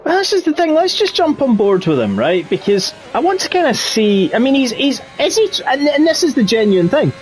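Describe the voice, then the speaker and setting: High, excitable male race commentator. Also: a little fast, hardly any pauses. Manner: excitable, voice jumps high in close battles. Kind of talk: live sim racing commentary.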